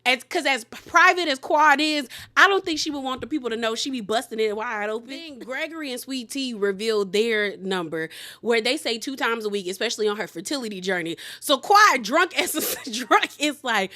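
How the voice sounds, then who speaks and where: A woman casually recapping a reality show, animated and laughing often, quoting people in sassy asides. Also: on the high side, moderate pace.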